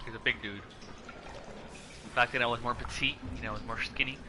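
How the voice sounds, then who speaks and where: A man's voice: medium pitch, steady tone, brisk, noisy background. A young man streaming a game, telling a story in a rambling, profane, self-mocking way. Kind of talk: casual storytelling over gameplay. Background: game music.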